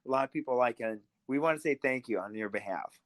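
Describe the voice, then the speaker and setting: A man's voice: medium pitch, fast, no echo. A man hosting a podcast, talking casually and laughing as he speaks. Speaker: podcast host.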